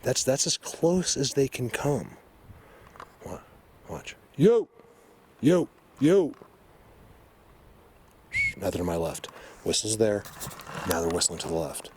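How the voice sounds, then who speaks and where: A man's voice: fairly low pitch, expressive, moderate pace, slight background noise. A man vlogging outdoors in the woods, talking to the camera in an emotional, rambling way with frequent restarts. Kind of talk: excited hiking vlog to camera.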